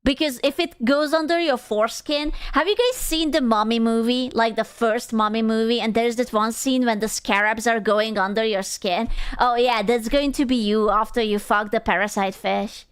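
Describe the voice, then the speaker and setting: A woman's voice: a little high, steady tone, normal speed, few pauses, clean tone, dry recording, studio quality. A young adult woman, chatting on a live stream in a playful, crude, giggly way. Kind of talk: casual stream chat reading chat.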